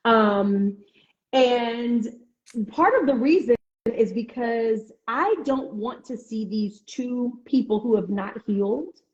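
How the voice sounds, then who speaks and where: A chatty woman author being interviewed over a video call, her talk full of ums and quick restarts. She sits a little high in pitch and breaks into excited, squeaky voices when quoting other people. The sound is dull and lo-fi, with a roomy echo around her. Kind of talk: casual conversational interview. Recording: echoey, dull lo-fi call audio.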